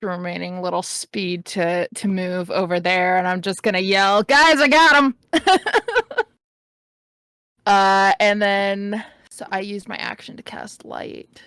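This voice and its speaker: A woman's voice: mid-range voice, monotone, unhurried, a bit bright, clear, resonant tone, no room sound. A woman playing a tabletop game, hesitant and giggly, with many fillers. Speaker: player.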